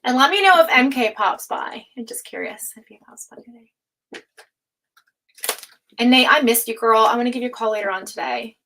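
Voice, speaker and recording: A woman hosting a live tarot stream, chatting casually with viewers, laughing often and speaking of energy and higher self. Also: lively intonation, a little fast, long pauses, bright, forceful tone, a little hiss or hum, low-quality recording. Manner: chatty, reads out chat names and laughs often.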